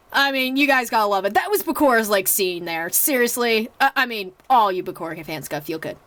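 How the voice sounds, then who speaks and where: A chatty young woman talks through a movie review in a slightly high voice, rambling with plenty of fillers and restarts. She acts out her reactions as she goes. The sound is dry and close, with no room around it. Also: lively intonation, a little fast, few pauses, fairly bright tone, no room sound. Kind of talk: casual spoken movie review.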